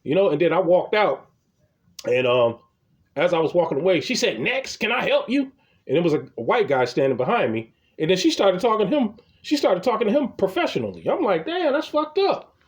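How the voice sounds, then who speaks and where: A comedy vlogger with a high-sitting voice and lively intonation talks a little fast. He rambles through comic stories in a casual rant, swearing and tripping over repeated words as he starts sentences.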